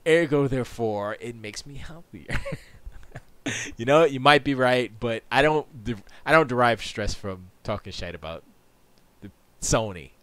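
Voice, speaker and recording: A man's voice: medium pitch, lively intonation, unhurried, long pauses, a bit bright, no room sound. A man hosting a live stream from his home studio, chatting casually, rambling and interrupting himself, often laughing. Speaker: streamer and show host.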